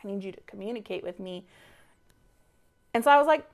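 Animated woman venting a story. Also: mid-range voice, a little fast. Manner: animated, acts out quoted dialogue, swears freely; exasperated venting. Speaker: podcast co-host. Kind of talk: casual storytelling chat.

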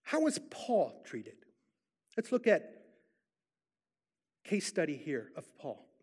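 Male preacher, high-pitched and animated, emphatic storytelling sermon. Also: slow pace, breathy edge. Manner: emphatic storyteller, repeats for effect. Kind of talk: sermon with personal testimony.

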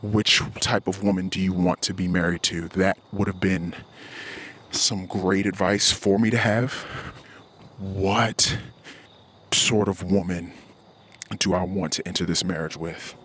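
Husky, profane man ranting on a podcast. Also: low-pitched, steady tone, a little slow, fairly bright tone. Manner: blunt, profane, heated ranting. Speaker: podcast host. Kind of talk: casual podcast monologue.

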